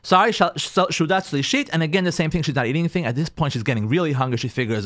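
A male rabbi tells a story to his listeners, his voice rising and falling with expression. He slips into each character's lines as he goes, keeping the telling animated from start to finish. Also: fairly high pitch, very fast, few pauses. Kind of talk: storytelling talk.

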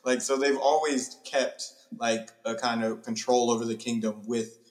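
Male co-host, average pitch, chatty analytical banter, roomy echo on the recording. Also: fairly even intonation, normal speed. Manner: chatty, analytical, slangy with swearing. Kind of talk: casual chat.

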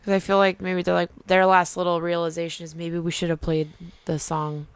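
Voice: mid-range voice, monotone, brisk, clear, resonant tone, no room sound. A laid-back person chiming in during a casual chat, brainstorming a movie plot and swearing now and then.

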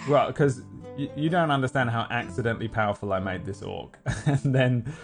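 Game master, gravelly, rambling jokester, video call mic, soft guitar underneath. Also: male voice, mid-range voice, normal speed. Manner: joking, rambling, laughs often. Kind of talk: casual banter before a tabletop game. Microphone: video call headset mic.

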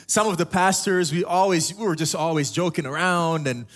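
A man's voice: sits high, normal speed, a bit bright. A young adult man from Africa, a pastor giving a sermon in a casual, storytelling way with humorous asides.

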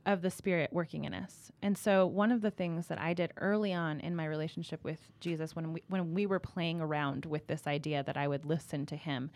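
A woman co-hosting a casual faith discussion, enthusiastic and animated, quick to laugh. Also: lowish voice. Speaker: podcast co-host.

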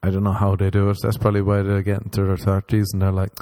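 A young Irish man rambling sardonically in a casual comedic monologue, jumping up in pitch when he acts out other people. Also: monotone, quick pace, warm tone, no room sound. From Ireland.

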